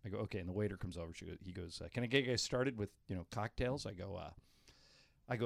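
A man's voice: very fast, gravelly, no echo. A man hosting a radio show, chatting casually with co-hosts and telling stories full of quoted dialogue. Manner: storyteller, quotes others in low voice. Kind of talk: casual studio banter.

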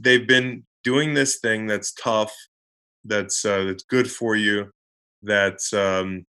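A man's voice: mid-range voice, sharp tone. A man hosting a sports podcast, talking casually in a rambling, conversational way with wry asides. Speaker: podcast host.

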